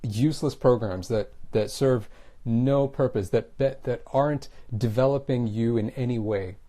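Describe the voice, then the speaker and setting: Male English coach, mellow tone, emphatic motivational delivery, repeats points for stress. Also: mid-range voice. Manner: emphatic, repeats key phrases, slows down for stress. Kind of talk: motivational teaching monologue.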